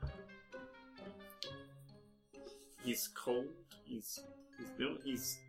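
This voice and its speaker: A man co-hosting a podcast, describing charades gestures aloud in a halting running commentary. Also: mid-range voice, lively intonation, gravelly, roomy sound, over music. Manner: halting, narrating gestures as they happen. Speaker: podcast co-host. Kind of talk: live play-by-play of charades.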